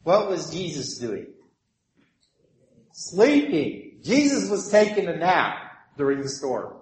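A man's voice: a little high, slow, pauses often. A man preaching a sermon, telling a story vividly and acting out its voices. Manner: animated storytelling with acted voices. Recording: echoey room.

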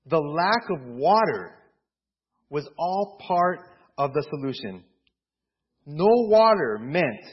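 A man preaching a sermon as a pastor, retelling a story in an animated, playful way. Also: medium pitch, slightly rough. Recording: dull lo-fi recording.

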